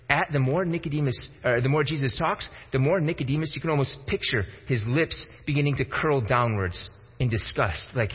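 A man's voice: on the high side, lively intonation, moderate pace, slightly rough. A man preaching a sermon, emphatic and repeating words as he starts his thoughts. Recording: reverberant hall, dull lo-fi sound.

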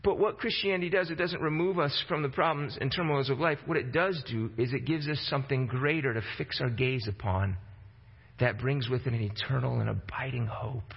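A man's voice: mid-range voice, brisk, creaky, breathy edge. A man preaching a sermon in a conversational way, acting out quotes in a casual voice. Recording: dull lo-fi sound with long hall reverb.

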